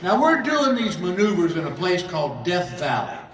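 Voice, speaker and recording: A man with a drawl performs stand-up, his voice pitched high and swooping all over as he spins a story. He sounds a bit far off in a big, echoey casino theater. Steady noise hangs under the whole recording. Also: normal speed. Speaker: stand-up comedian. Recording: echoey theater, mic heard from afar. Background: audience laughter.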